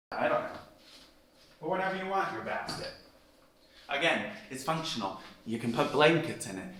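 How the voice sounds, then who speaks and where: Sassy, bright-voiced man in echoey rooms. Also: a little high, slight background noise. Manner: emphatic, sassy, talks straight to viewers. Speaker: vlog host giving a house tour. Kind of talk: casual house-tour vlog. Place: rooms of an emptyish house, indoors.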